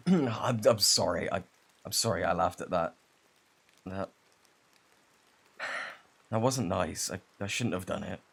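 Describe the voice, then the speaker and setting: A man's voice: deep voice, a little slow, vocal fry, long pauses, a bit bright, breathy edge, heavily acted. A young man with a British accent voicing a rude, defensive male student bully in an ASMR role-play, curt and hostile, later shaky and vulnerable. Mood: softening.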